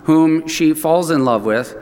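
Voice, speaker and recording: An older man preaching a sermon, telling a family story in a conversational, animated way and acting out the voices of the people in it. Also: on the high side, a little slow, clear, resonant tone, long reverb tail. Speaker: pastor.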